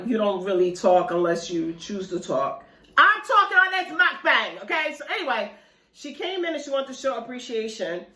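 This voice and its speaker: Chatty woman in a roomy space. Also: mid-range voice. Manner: chatty, talks straight to viewers with "y'all". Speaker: mukbang vlogger. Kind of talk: casual eating vlog chat. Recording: roomy echo.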